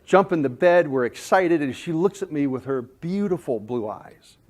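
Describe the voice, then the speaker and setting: A man giving a sales management talk, telling jokey stories in an animated, self-deprecating way to a room. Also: on the high side, moderate pace. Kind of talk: storytelling presentation.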